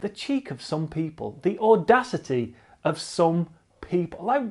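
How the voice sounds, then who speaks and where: A man hosts casual cycling news in a blunt, sarcastic way. His voice sits fairly high, and he swears freely and repeats lines for emphasis. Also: big pitch swings, unhurried, darkish tone. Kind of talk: casual online news commentary.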